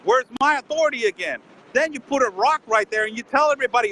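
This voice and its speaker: A border correspondent calls in to a casual live-stream conversation, indignant and firing rhetorical questions at the host while repeatedly using his name. His very high voice is bright, forceful, quick, and lively in intonation, on a low-quality recording with slight background noise.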